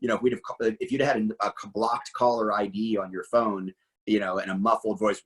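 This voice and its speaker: Husky middle-aged man, animated talk. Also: fairly low pitch, low-quality recording. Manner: fast, animated, full of asides and rhetorical questions. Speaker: interview guest, firearms trainer. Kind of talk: animated conversational interview.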